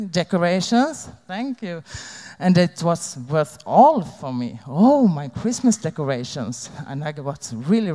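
Slow, halting woman in a reverberant hall. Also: sits low, dark tone. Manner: halting, candid, plain-spoken. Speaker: recovering addict sharing her story. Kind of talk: personal testimony to an audience.

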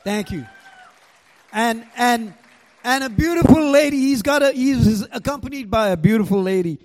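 Speaking at a moderate pace in a very high-pitched, expressive, slightly mellow voice, an older man with an Indian accent addresses a live audience, with a faint crowd audible. At this recovery meeting he gives a personal share that is raw, profane, and told like a story.

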